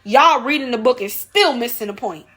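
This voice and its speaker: High, bright-voiced woman ranting. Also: lively intonation, moderate pace, husky. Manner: emphatic, repeats rhetorical questions, addresses viewers as y'all. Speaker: vlogger. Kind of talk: opinion rant to camera.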